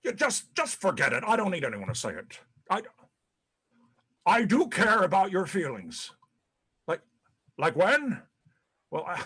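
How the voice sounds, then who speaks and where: A man's voice: a little high, fairly bright tone, slightly rough, full character voice. A man playing a disgraced, paranoid ex-president in a one-man stage monologue, profane and rambling, stammering between bluster and self-pity. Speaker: actor in a one-man play. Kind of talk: live-streamed stage monologue.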